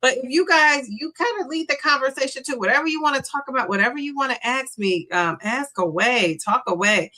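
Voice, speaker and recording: Chatty middle-aged woman doing a livestream, bright voice, hyping up her viewers. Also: sits high, a little fast, few pauses. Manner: chatty and encouraging, cheers viewers on. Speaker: livestream host. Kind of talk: casual livestream chat reading viewer comments.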